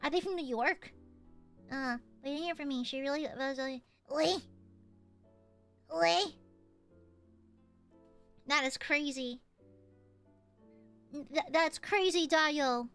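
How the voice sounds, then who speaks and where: A woman's voice: high-pitched, measured pace, pauses often, a bit bright, faint music behind. A young woman streamer chatting casually with her viewers, playful and chatty, often breaking into giggles and squeals. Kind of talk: casual chat with a live stream chat.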